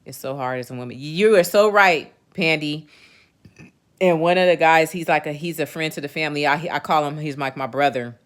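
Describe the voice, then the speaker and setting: A woman's voice: low voice, a little fast. A woman in her forties talking casually to her livestream viewers, venting in a candid and emphatic way, with plenty of swearing. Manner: talks straight to viewers, often asks "you know what I'm saying". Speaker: livestream host.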